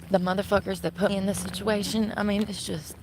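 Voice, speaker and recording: A woman holds a phone camera outside at night and rants to her viewers in a bitter, profane stream of complaint. Her voice sits at an ordinary middle pitch. Faint background noise runs under her words. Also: little pitch movement, moderate pace. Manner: bitter, swearing constantly. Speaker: livestreamer. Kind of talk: angry profane ranting livestream. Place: outdoors at night near a shopping center.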